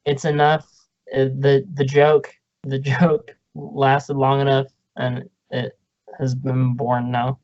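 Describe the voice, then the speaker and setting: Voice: medium pitch, monotone, takes it slowly, a little mellow, no echo, muffled recording. A podcast co-host chatting casually, joking and riffing on puns, with frequent laughter. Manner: jokey, laughs often, riffs on puns. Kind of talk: casual chat.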